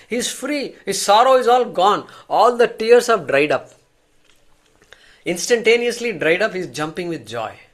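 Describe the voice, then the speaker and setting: A man with a somewhat raised pitch teaches a class. He explains ideas step by step through examples and often repeats a word or two while finding his thought. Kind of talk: class lecture.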